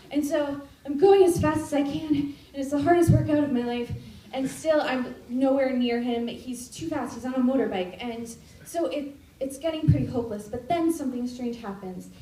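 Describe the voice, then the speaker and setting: A young woman in her twenties telling a personal story at a live storytelling event, animated and now and then shouting out quoted lines. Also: high-pitched. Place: stage in a live venue. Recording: roomy live recording from far off.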